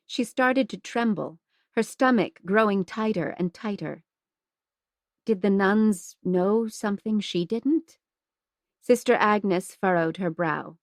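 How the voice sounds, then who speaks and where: A woman narrating a historical novel as an audiobook in a measured, steady reading. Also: mid-range voice, no room sound, studio quality. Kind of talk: scripted narration.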